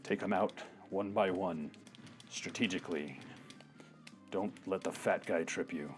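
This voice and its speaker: Soft music plays behind this man's low, unhurried voice as he works through a retro video game. His let's-play commentary is casual, full of swearing, jokey outbursts, and trash talk aimed at the enemies.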